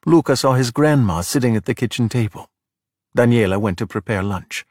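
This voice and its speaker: Man, middle-aged, storybook narration, husky tone, dry close sound. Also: mid-range voice, a little fast, no room sound. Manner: steady, plain storytelling. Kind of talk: storybook read-aloud.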